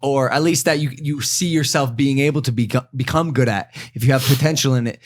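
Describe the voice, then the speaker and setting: Halting man hosting a podcast. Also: mid-range voice. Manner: thoughtful, halting, restarts a lot. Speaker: host. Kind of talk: casual podcast interview.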